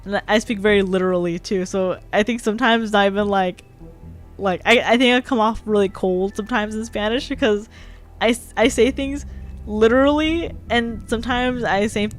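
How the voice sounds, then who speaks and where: A young woman talks loosely and at length on her stream, stringing thoughts together with constant fillers. Her voice sits at an ordinary pitch for a woman. Soft music plays faintly underneath. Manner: chatty, rambling, heavy use of "like". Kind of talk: casual live-stream chat. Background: faint background music.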